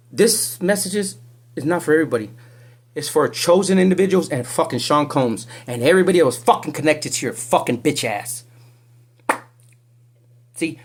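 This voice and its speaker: A psychic reader delivers a casual spiritual reading with a husky, slightly rough voice. The talk is profane and confrontational, rambling from one point to the next. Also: medium pitch.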